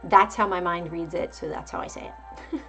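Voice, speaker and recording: A woman's voice: lowish voice, fairly even intonation, moderate pace, fairly bright tone, faint music behind. A woman hosting a casual live market stream, calling out price levels and chatting back to viewers. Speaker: livestream market host.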